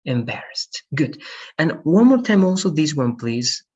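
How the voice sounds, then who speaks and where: A man runs an online English lesson, slowly modeling words and gently correcting his students. His voice is a little husky and the call audio sounds dull and lo-fi. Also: on the high side, very animated. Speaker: English teacher. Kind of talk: online class, pronunciation coaching. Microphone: video call.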